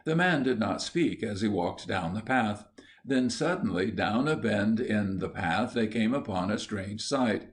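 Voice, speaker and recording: A man narrating a children's storybook in a measured, dry way. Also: lowish voice, lively intonation. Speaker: audiobook narrator.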